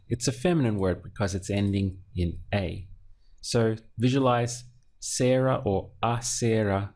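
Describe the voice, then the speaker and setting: Low-voiced man teaching a patient lesson. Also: a little mellow. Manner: patient, explains slowly and repeats words. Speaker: Spanish teacher. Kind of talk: language lesson narration.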